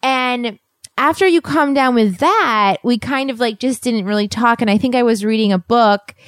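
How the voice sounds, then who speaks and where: A woman's voice: a little high, normal speed, dry recording, studio quality. A young woman co-hosting a casual travel chat, teasing and laughing easily, with lots of "like". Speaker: travel podcast co-host.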